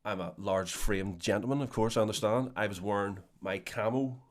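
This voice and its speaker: A man with a Belfast accent telling a funny story in casual podcast chat, sweary and animated, acting out the people in it. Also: on the low side, normal speed. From Northern Ireland. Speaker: podcast co-host.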